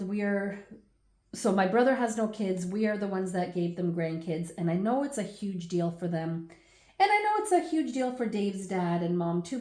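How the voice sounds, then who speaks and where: A woman in her forties, the host of a scrapbooking channel, chatting through a baby album at home with laughs and animated asides. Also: medium pitch, reverberant. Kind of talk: casual chatty album walkthrough.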